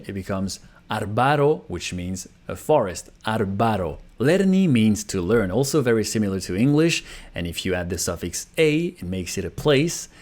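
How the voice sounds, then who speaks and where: Man, young, language teacher, animated up-and-down pitch, mid voice, slows to sound out words. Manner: lively, varied pitch, slows to model words. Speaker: language teacher and channel host. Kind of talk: educational video lesson.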